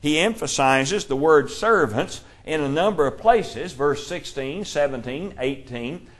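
A man teaching a Bible class, explaining scripture in a measured way and reading verses aloud. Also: on the high side, expressive.

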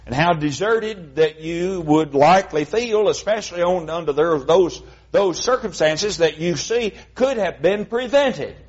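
A man's voice: high-pitched, animated, unhurried, breathy edge, highs cut off. A man preaching a sermon in a folksy, conversational way, with frequent fillers.

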